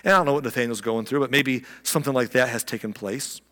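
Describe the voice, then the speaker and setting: A man preaching a sermon, telling a story with lively expression and acting out the people in it. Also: medium pitch, quick pace, long reverb tail. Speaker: pastor.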